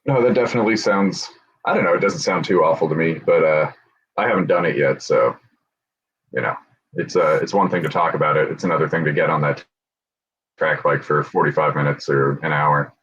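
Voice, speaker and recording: A man's voice: a bass voice, a little fast, a bit bright, a little hiss or hum. A man hosting a casual motorcycle talk show, speaking in an easygoing way full of fillers. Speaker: podcast host. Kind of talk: casual chat. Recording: dull lo-fi sound.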